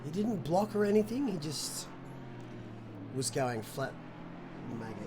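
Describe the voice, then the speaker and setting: Excitable Australian race commentator. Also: male voice, on the high side, unhurried. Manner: excitable, swears, jumps between loud outbursts and quiet asides. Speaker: sim racing commentator. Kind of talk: live esports race commentary. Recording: noisy stream audio.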